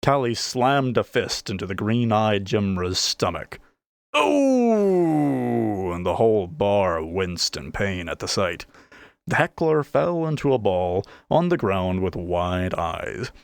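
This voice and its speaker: A man narrating a fantasy audiobook with expressive storytelling. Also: low-pitched, measured pace, no room sound.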